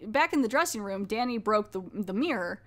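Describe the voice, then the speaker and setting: A woman's voice: medium pitch, animated, fairly quick, fairly bright tone. Rambling woman podcaster recapping an episode. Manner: rambling, filler-heavy, conversational. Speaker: podcast host.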